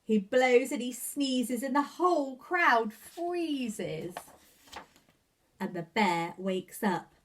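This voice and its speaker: A woman reads a children's picture book aloud with a rhythmic, sing-song delivery. Her voice is fairly high and swoops widely between notes. She takes her time, letting each line land slowly. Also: animated. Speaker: nursery staff reader. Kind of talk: children's storybook read-aloud.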